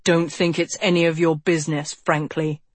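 A woman's voice: deep voice, level tone, normal speed, no echo. A woman voicing a girl disguised as a boy, curt and cold, in an audiobook. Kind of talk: audiobook character voice.

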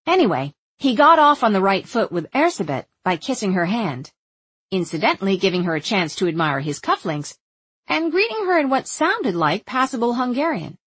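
Husky woman narrating with lively pitch. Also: moderate pace, dry recording. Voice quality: wry, observant first-person storytelling. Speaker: audiobook narrator. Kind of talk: scripted narration.

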